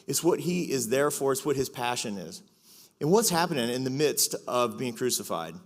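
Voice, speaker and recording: A man's voice: mid-range voice, big pitch swings, normal speed. Man preaching in an echoing church hall. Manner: conversational, confessional, joking asides. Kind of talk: sermon. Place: church auditorium. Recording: echoey hall reverb.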